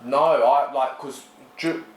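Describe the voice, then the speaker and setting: A man's voice: medium pitch, takes it slowly. Guy, young, chatty anecdotes, voices the people in his stories, roomy sound. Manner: animated, acts out voices in anecdotes. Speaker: podcast guest. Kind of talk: casual storytelling chat. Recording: echoey room.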